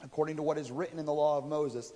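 A man's voice: a little high, steady tone, fast, dark tone. A man preaching a sermon, retelling a story in a casual, conversational way and voicing the people in it. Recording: reverberant hall.

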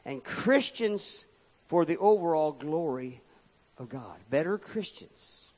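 A man delivers a sermon in a swooping, sing-song preaching cadence, his voice sitting a little high and leaping up and down. He reads verses aloud between points. The sound is dull and lo-fi, with a long reverb trailing off the walls of the hall. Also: animated, slow, darkish tone. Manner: sing-song preaching cadence, rising and falling sharply, reading scripture aloud.

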